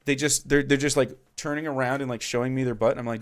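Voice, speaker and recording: A man hosting a live stream, ranting about politics in a mocking, profane way and swinging from loud outbursts to low muttering. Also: quick pace, dry recording. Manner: profane, mocking, loud rants with sudden drops. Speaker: streamer host. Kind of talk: heated political commentary.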